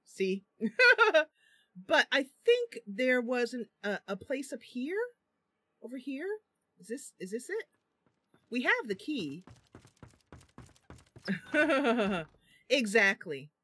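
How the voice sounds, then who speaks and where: A woman's voice: fairly high pitch, sing-song, takes it slowly, long pauses, a bit bright, husky. Giggly chatty woman streaming a game. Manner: giggly, chatty, frequent laughs. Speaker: streamer playing a role-playing game. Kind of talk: casual gameplay livestream with read-aloud dialogue.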